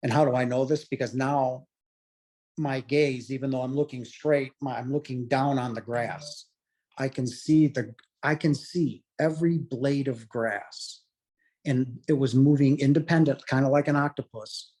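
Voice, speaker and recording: A man's voice: medium pitch, fairly even intonation, a little slow, a little mellow. A man in his late forties, a guest telling a personal story in an earnest, heartfelt and emotional way. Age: late 40s. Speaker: guest telling his near-death experience.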